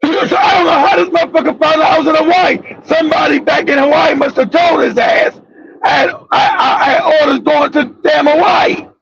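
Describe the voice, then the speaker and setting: A middle-aged man from the United States, a former Marine, telling a profane anecdote in an animated way and laughing often. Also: extremely high pitch, brisk, gravelly, raised voice. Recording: dull lo-fi sound.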